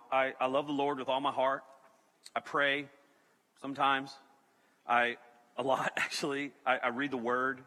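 Preaching in a space with a long reverb tail, a high-voiced pastor tells a funny story with lots of animation. He repeatedly pauses to ask "okay?" as he goes.

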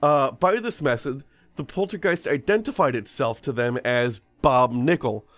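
A man's voice: medium pitch, moderate pace, a bit bright, no echo. A man hosting a casual comedy podcast, reading a ghost story aloud and breaking off for joking asides.

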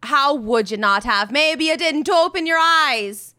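A woman voicing a brash, smooth-talking female rogue who bluffs her way past guards, glib and needling. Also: high voice, measured pace, sharp tone, no room sound, clean studio sound. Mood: smug bluffing. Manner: glib, needling, confidently argumentative.

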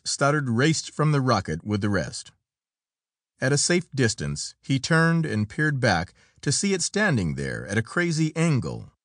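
A male narrator reads an adventure story in a dramatic storytelling style. His pitch rises and falls a great deal, and the recording is dry and close with no room echo. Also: a bit bright. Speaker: audiobook narrator. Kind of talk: scripted narration.

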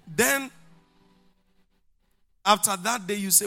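A man's voice: high-pitched, a little slow, long pauses, soft background music. A male pastor preaching a sermon, telling stories and acting out the dialogue. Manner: animated storytelling, acting out dialogue, laughing along.

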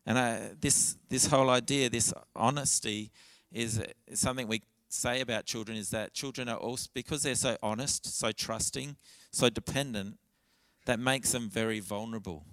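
A man's voice: mid-range voice, fairly even intonation, moderate pace, fairly bright tone, no room sound. A man preaching a church sermon in an earnest, candid way, often restarting his phrases.

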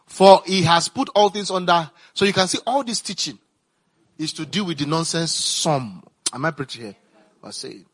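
A male pastor preaching with a bright, forceful tone and a slightly higher-than-average voice. He moves between reading scripture and pressing asides, often repeating his phrases for emphasis. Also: normal speed.

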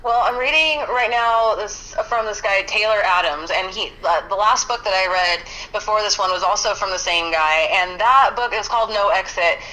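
A woman chatting as a guest, excitable and quick to laugh, swearing freely. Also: medium pitch, low-quality recording. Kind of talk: casual chat.

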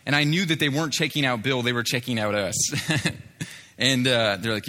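A man's voice: medium pitch, steady tone, fairly quick, pushed and bright. A man telling a story from street ministry, with many fillers and restarts, acting out what others said. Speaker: street evangelist telling a testimony. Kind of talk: spoken testimony story.

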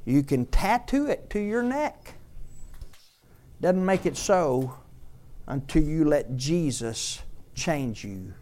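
A man preaching a sermon as pastor, repeating lines for emphasis and swinging from loud shouted peaks to soft storytelling. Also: a little high, sing-song, takes it slowly, pauses often.

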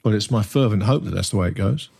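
A man co-hosting a relaxed podcast chat. He stumbles and repeats himself as he begins his thoughts. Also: on the low side, fast talker, creaky, breathy edge. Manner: hesitant, repeats words when starting. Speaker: podcast co-host.

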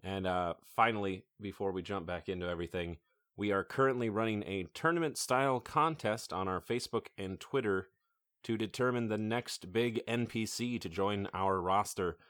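A man hosting a tabletop role-playing show, giving announcements and narrating as game master in a relaxed way with many filler words. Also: on the low side, moderate pace, no room sound, studio quality.

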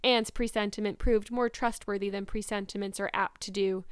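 Woman reading a novel aloud, expressive, crisp voice, dry sound. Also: medium pitch, moderate pace, no room sound. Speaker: reader of a novel. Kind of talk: storybook narration and commentary.

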